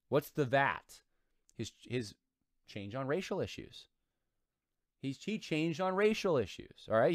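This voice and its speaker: A man's voice: mid-range voice, no room sound, studio quality. A man hosting his own commentary show, reading aloud from an article and breaking in with emphatic, repetitive remarks. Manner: animated, emphatic, repeats himself. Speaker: commentary channel host.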